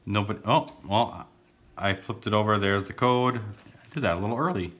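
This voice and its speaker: A man's voice: fairly low pitch, normal speed, a bit bright. A man casually narrating as he opens card packs, rambling and goofy, now and then breaking into silly sing-song. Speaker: card-opening vlogger. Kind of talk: casual pack-opening commentary.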